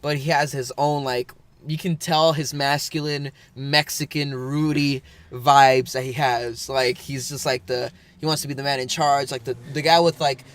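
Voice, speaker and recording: A man's voice: medium pitch, fairly even intonation, moderate pace, fairly bright tone. A man, a podcast co-host, telling a rambling story in casual chat with lots of fillers and bursts of laughter.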